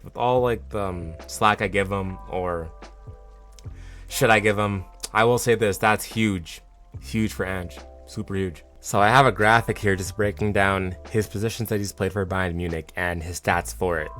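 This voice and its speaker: A man hosting a football fan channel, talking casually and excitably with lots of fillers and restarts. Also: on the low side. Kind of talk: casual vlog commentary.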